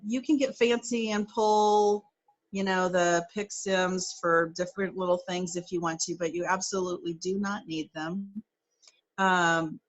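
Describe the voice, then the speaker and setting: A middle-aged woman occupational therapist explaining in an interview, chatty and practical, working through step-by-step examples with frequent fillers. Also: lowish voice.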